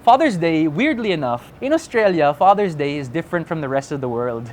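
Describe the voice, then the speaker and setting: Soft-spoken young man, faint hiss. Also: on the high side, brisk. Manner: relaxed, mixes English and Filipino, acts out quoted voices. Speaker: interview guest. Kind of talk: candid conversational interview.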